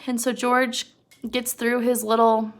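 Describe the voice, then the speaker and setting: A woman's voice: fairly high pitch, flat delivery, takes it slowly. A woman teacher giving a casual recorded video lesson, talking students through a chapter and checking in with them often. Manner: casual, conversational, checks in with "okay?".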